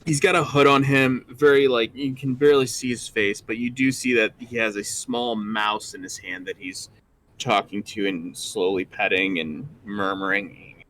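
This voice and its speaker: Bright-voiced man running a tabletop game. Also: lowish voice, steady tone, moderate pace, a little hiss or hum, rough recording. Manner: casual, many fillers. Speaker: game master.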